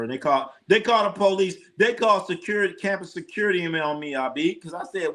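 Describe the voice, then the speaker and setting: A man's voice: fairly high pitch, lively intonation, fast talker, hardly any pauses, a bit bright. A man hosting a live sports stream, rambling and swearing casually as he reacts to scores and talks to his chat. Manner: rambling, profane, talks to chat, tells jokey anecdotes. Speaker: sports livestream host.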